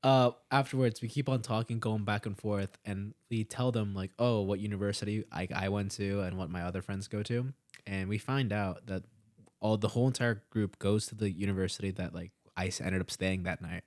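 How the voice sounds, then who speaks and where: In a casual storytelling chat, a man in his early 20s who co-hosts a podcast rambles through a swear-laden tale, performing the quoted lines with animation. His voice sits on the low side and moves briskly; the sound is clean studio audio without echo.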